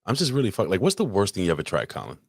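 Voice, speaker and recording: Deep-voiced, profane podcast co-host man. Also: wildly swooping pitch, breathy edge, no room sound, clean studio sound. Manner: profane, teasing, questions rapidly. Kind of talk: casual crude banter. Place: podcast studio.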